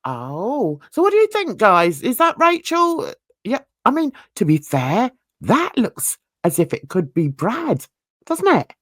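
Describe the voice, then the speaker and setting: A woman's voice: a little high, wildly swooping pitch, unhurried, fairly bright tone, no echo, clean studio sound. A woman hosting a true crime channel, reading viewer comments aloud in a casual, self-mocking way, stumbling over words and laughing at herself.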